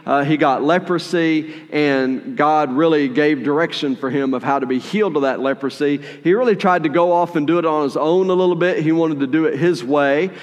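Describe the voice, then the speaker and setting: Animated male pastor in a reverberant hall. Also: fairly high pitch, normal speed, hardly any pauses, highs cut off. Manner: conversational, animated retelling with playful asides. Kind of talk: sermon.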